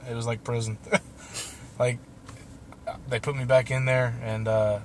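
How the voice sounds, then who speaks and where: A man's voice: mid-range voice, little pitch movement, a little slow, slight background noise. A young man telling a long personal story in a loose, casual way, swearing and laughing now and then. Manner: loose and profane, laughing through the tale.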